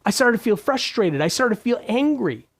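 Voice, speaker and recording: Emphatic man coaching with lively pitch. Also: moderate pace, gravelly. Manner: emphatic, repeats phrases and asks rhetorical questions. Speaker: business coach. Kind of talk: motivational talk to camera.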